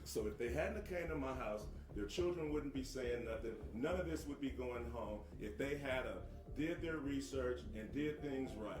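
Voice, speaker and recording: A man's voice: medium pitch, moderate pace, hardly any pauses, echoey room, music in the background. A man answering questions as a witness in court, curt at first and then defiant and sarcastic. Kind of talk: courtroom testimony.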